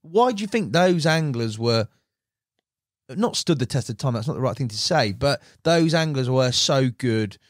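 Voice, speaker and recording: Animated podcast host with a dry sound. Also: male voice, mid-range voice, normal speed, no echo. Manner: chatty, reacts with short interjections, asks long rambling questions. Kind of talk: casual interview chat.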